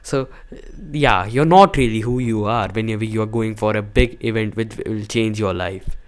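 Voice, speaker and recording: A man's voice: lowish voice, moderate pace. A young man talking to camera in a rambling way, full of fillers, restarts and stressed words. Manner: stresses single words for emphasis. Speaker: vlogger. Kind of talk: casual talk to camera.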